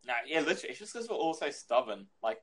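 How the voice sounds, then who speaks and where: A man's voice: a little high, big pitch swings, fast talker, a bit bright, husky. A man telling a rambling story in casual chat, swearing freely and filling with "you know".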